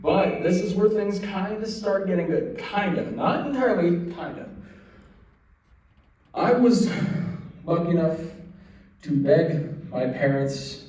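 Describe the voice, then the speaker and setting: Hosting a wrestling show alone in an event center room, a young man rants in playful mock outrage, then apologizes, keeping the commentary animated. His voice is high and a little mellow, slow, with frequent pauses. Sound is very echoey, with the mic far away.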